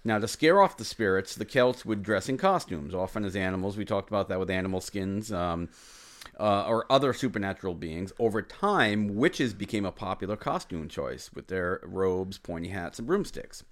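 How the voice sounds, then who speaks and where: A woman with a strikingly deep, low voice hosts a casual podcast. She is middle-aged and from Rhode Island, and she reads fun facts with a playful, teasing manner. She laughs easily as she chats with her co-host. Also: expressive, normal speed. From Rhode Island, USA.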